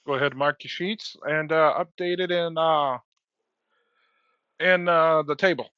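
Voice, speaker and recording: A man narrating a tabletop game as game master, relaxed and hesitant with many fillers, heard over a dull online call. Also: a little high, slow, clear, resonant tone, dry recording.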